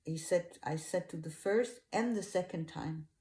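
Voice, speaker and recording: A woman's voice: fairly low pitch, unhurried, dark tone, reverberant, lightly acted. A woman voicing an anguished grown man who pleads and prays in agony, raising her voice above her own. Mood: resolute. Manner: pleading, sobbing-edged outbursts.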